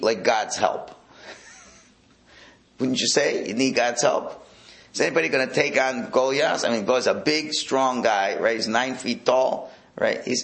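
A man's voice: fairly bright tone, poor audio. Man teaching a Torah class. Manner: questioning, rising to emphatic high pitch when stressing a point; casual, with many restarts and rhetorical questions. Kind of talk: teaching a Bible class, explaining commentaries.

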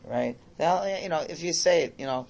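Animated man teaching a Torah class. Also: on the high side, moderate pace, muffled recording. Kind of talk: religious class lecture.

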